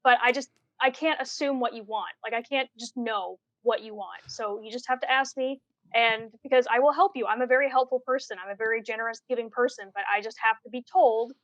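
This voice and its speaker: A woman chatting quickly on a podcast, her voice sitting a little high. She explains her point with emphasis. The sound is dry and close, with no room echo. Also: dull audio. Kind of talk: casual chat.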